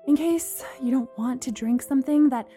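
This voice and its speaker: A woman's voice: sits high, normal speed, faint music behind, lightly acted. A woman doing a dry, wry young woman. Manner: wry, deadpan, muttering.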